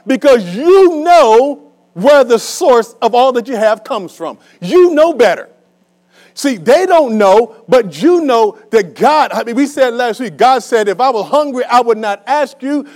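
A man preaches to his church in a strikingly high voice. He talks back and forth with the room, rising loud and dropping soft. A low mains hum sits under the recording. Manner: animated call-and-response preaching, swinging loud and soft. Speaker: pastor. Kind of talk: sermon. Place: church hall with a congregation.

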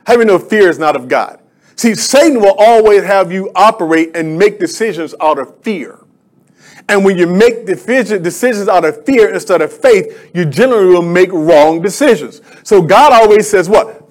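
A man preaching with a high, ringing voice. He leads the congregation in call and response and builds into emphatic, declaring lines, like a pastor in full sermon. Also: animated, normal speed.

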